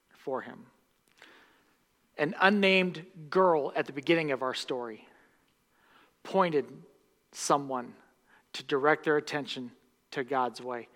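A man preaches to his congregation with a bright, forceful voice pitched a little high. He swings between hushed, intimate lines and loud, impassioned bursts. The sound rings with the long reverb of a church sanctuary. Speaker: pastor. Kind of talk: sermon.

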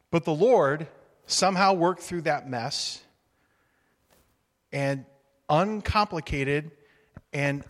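Conversational male pastor in a hall. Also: on the high side. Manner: conversational, humorous, acts out quotes. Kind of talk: sermon. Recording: reverberant hall.

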